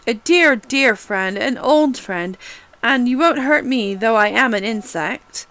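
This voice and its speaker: A woman's voice: on the high side, animated, slow pace, heavily acted, low-quality recording. A woman voicing a tiny sad insect. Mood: wistful. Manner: soft, close, wistful. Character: tiny sad talking insect, shy and pleading.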